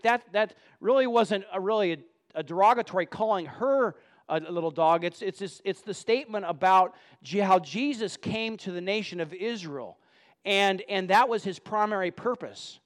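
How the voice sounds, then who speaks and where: A man reading scripture aloud and explaining it in a Bible teaching, often stumbling and repeating words when he speaks off the cuff. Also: sits high.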